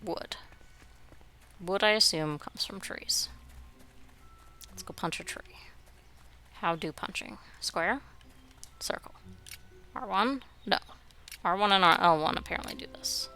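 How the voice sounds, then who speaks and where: A woman's voice: lowish voice, slow, long pauses, sharp tone, whispered. A young woman giving wry, sarcastic commentary while playing a building game. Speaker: game streamer. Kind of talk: gameplay commentary.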